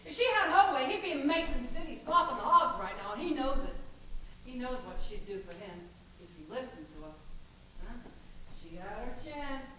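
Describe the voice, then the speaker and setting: A woman's voice: high-pitched, very animated, moderate pace, a bit bright. An actress playing a blunt, scornful woman aide to a politician, on an echoey stage recorded from afar. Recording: echoey stage miked from far, faint noise.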